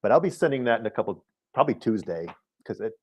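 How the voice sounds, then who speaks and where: An easygoing man with a Michigan accent talks through things step by step in a casual chat. His pitch is ordinary and middle-range. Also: sing-song, fast, a little mellow.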